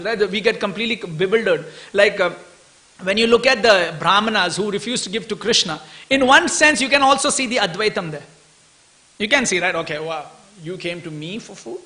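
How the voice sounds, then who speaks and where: A man giving an animated scripture class at a temple, often chuckling and asking his listeners "right?". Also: high-pitched.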